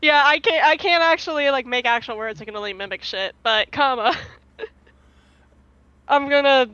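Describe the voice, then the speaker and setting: A woman's voice: sits high, normal speed, bright, forceful tone, dry recording. A woman playing a tabletop game, chatting casually and giggly, swearing freely. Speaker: player. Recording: dull, dry home mic.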